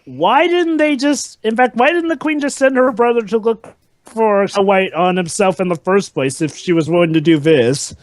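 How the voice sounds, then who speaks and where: A man's voice: high-pitched, normal speed, no echo. A man giving casual movie commentary with friends, asking incredulous questions about the plot.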